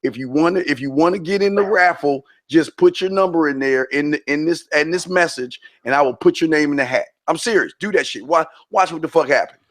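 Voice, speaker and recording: A man's voice: on the high side, a little fast, hardly any pauses, a bit bright, dry recording. A man co-hosting a podcast in a brash, profane and emphatic way. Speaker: podcast co-host. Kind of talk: casual crude podcast talk.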